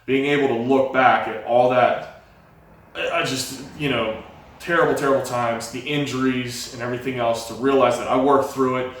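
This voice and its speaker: A young man tells his own story in a candid, lively way and slips into the voices of the people he quotes. He sits well back from the microphone. The room around him is strongly echoey. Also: mid-range voice, normal speed. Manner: lively retelling, acts out quoted dialogue. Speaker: guest telling his life story. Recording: very echoey room, mic far off.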